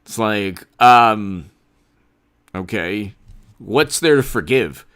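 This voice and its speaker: A man's voice: on the low side, expressive, extremely slow, fairly bright tone, clear, resonant tone. A man hosting a political commentary livestream, talking in a sarcastic, rambling way.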